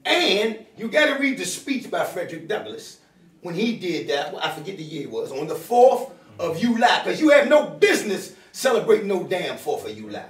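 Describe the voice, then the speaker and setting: A man's voice: big pitch swings, normal speed. Fiery older man, roomy and distant. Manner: fiery and emotional, calls out to the crowd, swings from loud to low. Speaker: audience member at a community town hall. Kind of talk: impassioned public speech. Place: bookstore meeting room. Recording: echoey room, voice from far off.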